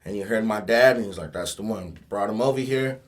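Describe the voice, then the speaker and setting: A man's voice: on the low side, fast. A man from Fresno, California, a guest on a podcast, telling rambling, profane stories in a laid-back way. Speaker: podcast guest, tuba player. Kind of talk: casual chat, storytelling.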